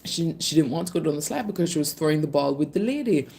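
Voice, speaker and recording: A woman in her thirties with a lowish, mellow voice chats casually on a live stream. She tells a story at length, greeting viewers and calling them babe and darling. Her tone stays warm and relaxed. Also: fast talker, creaky.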